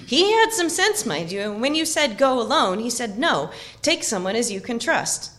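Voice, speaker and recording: A woman's voice: fairly high pitch, very animated, moderate pace, a bit bright, voice pushed up. A woman voicing a humble, loyal young male hobbit servant in an audiobook reading, deferential and rustic in phrasing.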